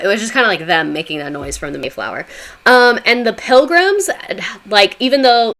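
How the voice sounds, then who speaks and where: A woman's voice: mid-range voice, animated, moderate pace, creaky, fairly bright tone. A woman livestreaming a casual history talk, chatting with viewers in a sarcastic, chatty way with swearing asides.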